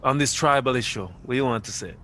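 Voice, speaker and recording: A man hosting a panel discussion, jokey and lively as he passes the floor to the next speaker. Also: mid-range voice, fast.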